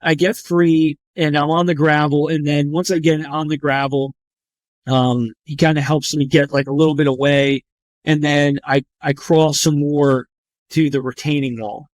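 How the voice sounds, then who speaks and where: A man with a slightly higher voice tells a harrowing story as a guest. He talks in a candid, rambling way, swears freely and leans on "like" at every turn. The recording is dry and close, with no room sound. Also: little pitch movement, normal speed, no room sound. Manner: rambling, profane, heavy with "like" fillers; vivid, tense recounting. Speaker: trauma surgeon guest. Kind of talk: candid first-person storytelling.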